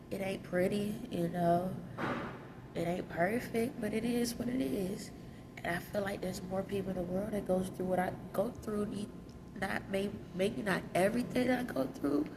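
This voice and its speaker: In a tearful confessional vlog recorded in a hotel lobby, a woman with children talks frankly to her viewers about her pain in casual vernacular. Her medium-pitched voice is gravelly, and there's noise in the background.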